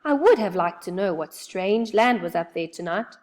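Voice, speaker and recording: A woman voicing a sensible young girl who speaks gently and sounds a little worried, reading a storybook. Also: mid-range voice, lively intonation, normal speed, natural voice. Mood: gentle.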